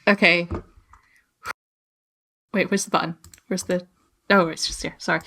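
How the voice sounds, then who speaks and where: A woman playing a tabletop role-playing game, animated and self-mocking, laughing often. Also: lowish voice, measured pace, vocal fry, slight background noise. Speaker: player. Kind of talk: casual tabletop game play.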